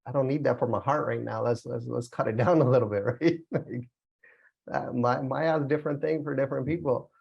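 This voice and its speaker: A man's voice: mid-range voice, a little fast, gravelly, husky, lo-fi sound. A young man leading a casual religious study class, talking loosely with lots of fillers and easy laughs. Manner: relaxed, chatty, many fillers and laughs. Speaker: Gurbani class teacher. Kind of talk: casual spiritual class talk.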